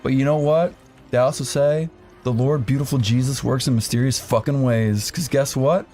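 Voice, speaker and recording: A young man telling a profane, animated story in a casual chat among friends. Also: medium pitch, normal speed, faint music behind. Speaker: podcast co-host.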